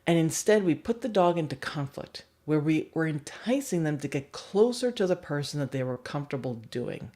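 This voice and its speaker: Lively woman teaching about dogs. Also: deep voice, normal speed, few pauses. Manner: animated, acts out examples with voices. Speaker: dog trainer. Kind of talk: livestream lesson.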